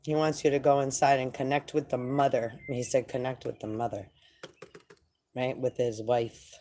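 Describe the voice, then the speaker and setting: Low-voiced woman musing on spirit. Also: moderate pace, slight background noise. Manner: animated, slangy, laughing, rambling. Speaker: spiritual channeler. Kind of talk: casual spiritual monologue.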